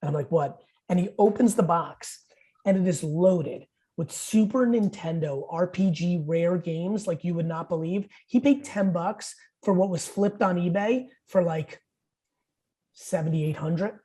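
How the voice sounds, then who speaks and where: A man in his forties, a podcast guest, telling stories in blunt, profane, rapid-fire talk. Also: high voice, dark tone. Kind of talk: casual podcast interview.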